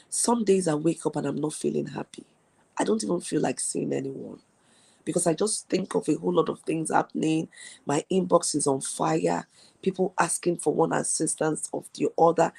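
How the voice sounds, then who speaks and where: A woman hosts a motivational live stream and speaks with earnest conviction. Her voice sits low and has a gravelly, husky edge. She repeats her key lines to drive them home. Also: normal speed, a little mellow. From Nigeria. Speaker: host.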